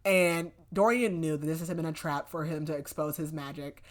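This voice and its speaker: A young woman with a strikingly low voice hosts a podcast and gives a breezy recap of a novel. She's chatty and casual, peppering her talk with "like" and "whatever," and she loosely acts out quick paraphrases of the characters' lines.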